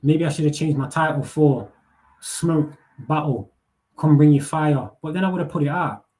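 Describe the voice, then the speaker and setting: A man's voice: fairly high pitch, normal speed, mellow. A young man, hosting a live panel and ranting bluntly with heavy swearing, street slang and repeated words. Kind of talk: casual rant.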